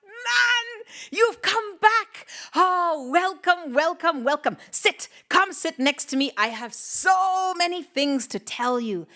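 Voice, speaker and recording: A woman storyteller voicing an eager village man who pleads and gets excited, his voice jumping up high. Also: measured pace. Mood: welcoming. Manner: excited, pleading, bursts up in pitch.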